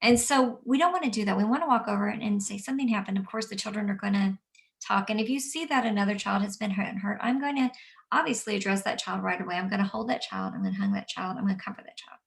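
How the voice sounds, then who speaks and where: A woman who teaches young children, explaining calmly and gently and acting out what she says to kids. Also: mid-range voice, quick pace, vocal fry, recorded from a distance. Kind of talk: instructional talk. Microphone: camera mic at a distance.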